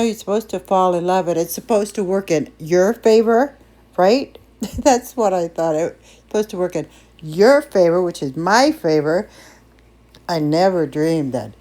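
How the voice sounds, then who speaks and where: A woman's voice: fairly low pitch, warm tone. An older woman casually telling a personal story, emotive and chatty with frequent restarts.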